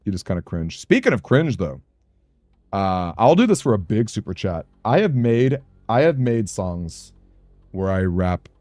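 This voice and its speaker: Low-voiced young man streaming a game. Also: very animated, measured pace, darkish tone, dry recording. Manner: chatty, self-conscious, laughs often, reads chat aloud. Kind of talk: casual live-stream chat while playing.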